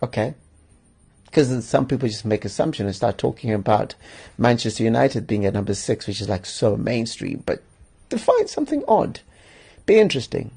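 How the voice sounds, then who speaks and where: A man hosts his own podcast, talking straight to listeners with emphatic, joking advice. His voice is gravelly and a little husky, with a mellow, dark tone. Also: mid-range voice. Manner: emphatic, joking, chuckles often. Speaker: podcast host. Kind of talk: solo podcast, advice monologue.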